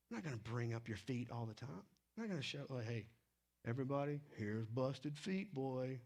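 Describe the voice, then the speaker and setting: A man preaching a sermon in a casual, animated way, slipping into quick acted asides. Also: medium pitch. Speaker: pastor.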